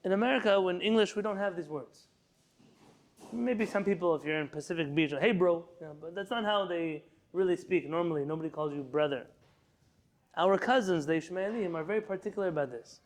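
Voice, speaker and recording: High-voiced man teaching a text class. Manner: reads Hebrew text, then translates and explains. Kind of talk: lecture class. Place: room with students nearby.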